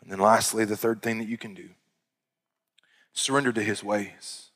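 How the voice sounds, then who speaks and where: A male pastor preaching a sermon, rising to loud, high-pitched exhortation and dropping to hushed, quiet passages. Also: steady tone, normal speed. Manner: impassioned preaching that swells loud and high, then drops to hushed tones. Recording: long hall reverb.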